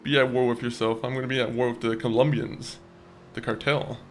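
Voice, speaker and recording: A man's voice: mid-range voice, level tone, brisk. Young male streamer, casual and talkative, mid-range voice, slight background noise. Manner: chatty, talks to chat, swears and laughs easily. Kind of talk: casual live-stream gameplay commentary.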